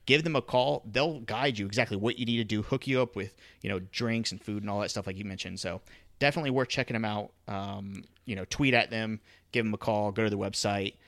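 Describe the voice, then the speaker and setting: A man co-hosting a sports podcast in a loose, chatty way. His voice sits a bit low and sounds dry and close to the mic. He rambles with "uh" and "you know" while plugging a sponsor. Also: a little fast, dry recording. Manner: relaxed, filler-heavy, conversational. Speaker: podcast co-host. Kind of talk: casual podcast chat with ad read.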